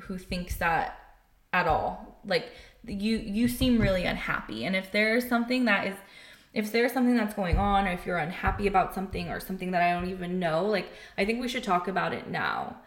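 A woman candidly telling a painful personal story, animated and emotional, acting out what others said. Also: medium pitch, brisk. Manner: emotional, animated, acts out quoted voices. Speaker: podcast guest telling her story. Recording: roomy echo.

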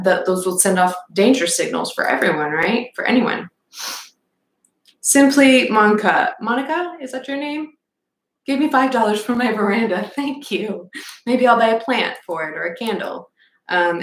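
A woman's voice: on the low side, gravelly. Chatty woman in an echoey room. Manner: chatty and rambling, reads out viewer comments. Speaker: podcast host. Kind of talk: casual livestream chat with viewers. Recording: echoey room with faint background noise.

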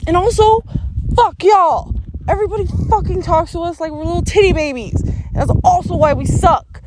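High-pitched woman lecturing viewers, swears a ton, keeps laughing, hiss in the background. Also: normal speed. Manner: swears constantly, laughs often mid-sentence; blunt, confrontational, lectures the listener. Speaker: vlogger. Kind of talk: blunt profane rant to camera. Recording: noticeable background noise.

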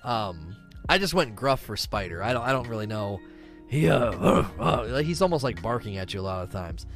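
With faint music playing behind him, a man with a fairly low voice streams live at normal speed, reading viewer questions aloud and rambling animatedly through his answers in casual chat.

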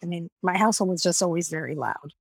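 A chatty woman tells a story on a podcast in an emphatic way. Her voice is husky and a little low, and the recording is dry and close. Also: fast, no echo. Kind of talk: casual podcast conversation.

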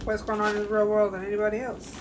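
A woman in casual chat, making slow, offhand remarks. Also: medium pitch, monotone. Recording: noisy recording.

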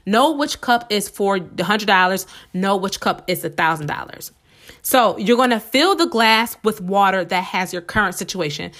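A woman hosting a motivational podcast, talking fast and excitedly while she repeats each step, and a little under the weather with a slightly sore throat. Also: medium pitch. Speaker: podcast host. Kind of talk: casual motivational podcast talk.

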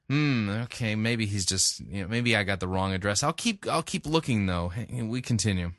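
A man hosts a sermon review, talking bluntly in a loose, chatty way. His voice is bright and forward, recorded dry and close. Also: on the low side, animated, normal speed, few pauses, no echo. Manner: conversational and blunt, with fillers. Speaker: host. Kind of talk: commentary.

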